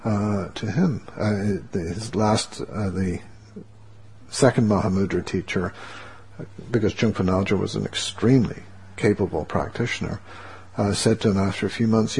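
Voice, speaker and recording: A man with a low, gravelly voice and a very husky, rough edge gives a spiritual teaching talk. He speaks reflectively and often pauses to find the right word. His tone is that of a meditation teacher addressing students. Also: a little mellow. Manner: reflective, searching for words.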